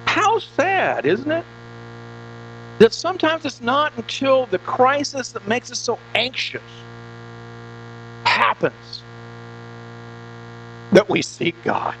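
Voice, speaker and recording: A pastor preaching a conversational sermon in a church, often repeating words and asking the congregation questions. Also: male voice, extremely high pitch, very animated, takes it slowly, long pauses, fairly bright tone. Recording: dull lo-fi recording with mains hum.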